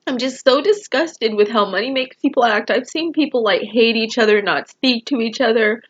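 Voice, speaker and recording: A woman vlogs straight to camera in a somewhat high voice, rambling and emotional and leaning on fillers as she goes. The sound is dull and lo-fi, like a home recording. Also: normal speed. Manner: rambling, emotional, full of fillers like "you know". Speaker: vlogger. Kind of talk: personal talk to camera.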